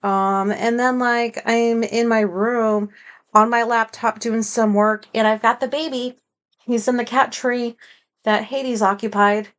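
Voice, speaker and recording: A woman with a fairly high voice hosts her own podcast, thinking out loud in a loose solo monologue. She rambles and drifts into tangents, with plenty of fillers, and speaks frankly and openly about her feelings. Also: level tone, measured pace. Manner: frank and emotional, with many fillers. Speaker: podcast host. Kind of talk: casual personal podcast monologue.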